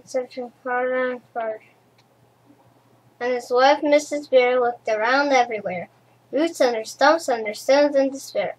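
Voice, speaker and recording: A woman reading a rhyming children's storybook aloud, in a slow rhythmic way with occasional stumbles. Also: high voice, poor audio. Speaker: storybook reader.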